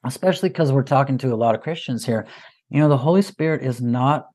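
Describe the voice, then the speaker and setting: A man in his thirties, a father talking as a guest, telling stories in a lively, casual way. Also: medium pitch, quick pace. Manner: animated, lively storyteller. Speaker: parent sharing advice as a podcast guest. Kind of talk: casual conversational storytelling.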